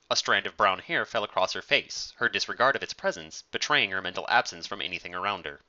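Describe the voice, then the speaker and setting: A man reading a story aloud as narrator, in a measured, expressive way, on a dull lo-fi recording. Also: on the low side.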